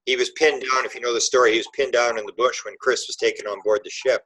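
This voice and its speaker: A man's voice: mid-range voice, steady tone, quick pace, a bit bright, rough recording. Man hosting with short, encouraging replies. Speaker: host. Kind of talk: casual interview.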